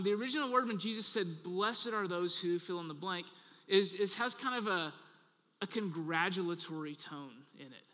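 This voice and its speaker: A man preaching a sermon as pastor, earnest and repetitive, letting his phrases trail off softly at the ends of points. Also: high voice. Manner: talks with children in the audience. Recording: long hall reverb.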